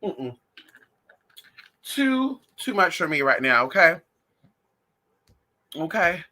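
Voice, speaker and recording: A woman talking casually to her viewers in a lively, sassy way, often calling them honey and y'all. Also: on the low side, slow pace. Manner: animated, sassy, calls listeners honey and y'all. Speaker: spiritual class teacher, vlogger.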